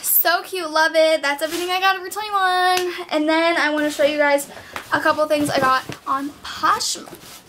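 A woman's voice: sits high, fairly even intonation, normal speed, pushed and bright, slight background noise. A teenage girl chatting casually about clothes she bought, bubbly and filled with "like", a bit out of breath. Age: teens. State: slightly out of breath. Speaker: vlogger. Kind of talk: casual clothing haul chat. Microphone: camera mic.

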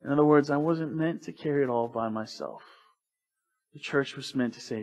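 A man's voice: medium pitch, normal speed. A man preaching a sermon in church, talking to the congregation casually and asking rhetorical questions. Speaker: pastor. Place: church sanctuary.

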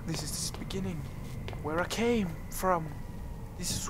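A man's voice: sits high, unhurried, background noise. A man giving casual, goofy gameplay commentary, joking and laughing at his own jokes. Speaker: let's play gamer.

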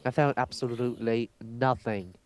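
A man's voice: medium pitch, fairly even intonation, normal speed, darkish tone. A teenage boy with an American accent, rambling and joking in a hyper, casual gaming chat. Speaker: gamer.

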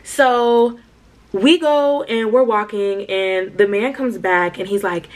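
Animated woman telling a story. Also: medium pitch, takes it slowly. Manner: animated slangy storytelling, addresses viewers as y'all. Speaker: vlogger. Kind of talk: storytime vlog.

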